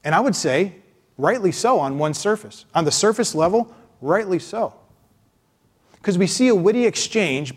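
A male pastor preaching a sermon in an emphatic, expressive way. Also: a little high. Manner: emphatic, expressive, acts out voices.

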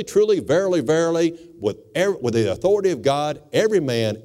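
A male pastor preaching an emphatic sermon in a church, stressing words with dramatic pauses. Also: on the high side, a little mellow. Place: church sanctuary, also broadcast by radio.

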